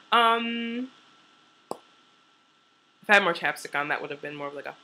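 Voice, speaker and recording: A woman's voice: lowish voice, animated, normal speed, long pauses, sharp tone, slight background noise, poor audio. A young woman chatting casually to her camera at home, rambling and giggly with lots of fillers. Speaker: vlogger.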